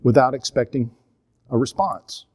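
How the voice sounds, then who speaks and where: A man in his sixties speaks at a church seminar, his Southern drawl carrying an earnest, confessional tone. His voice sits in a middle pitch as he teaches through stories of his own family. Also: normal speed, a little mellow. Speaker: minister and counselor teaching a seminar.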